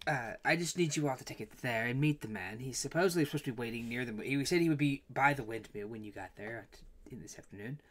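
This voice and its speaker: A man's voice: mid-range voice, fast talker, fairly bright tone, lightly acted. A man voicing a nervous middle-aged jeweler who keeps stumbling over his words. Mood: wary. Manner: hesitant, full of fillers and restarts.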